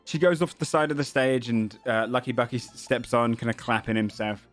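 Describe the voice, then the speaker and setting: A man at a mid-range pitch narrates as game master of a tabletop campaign. He describes the scene in a relaxed, halting way, stopping often to search for words, while soft music plays behind him. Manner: loose, hesitant narration with many fillers.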